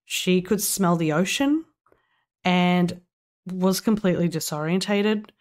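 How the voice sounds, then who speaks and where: A woman's voice: on the low side, takes it slowly, a little mellow. A woman co-hosting a podcast, casually telling a story, swearing now and then and laughing along. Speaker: podcast co-host.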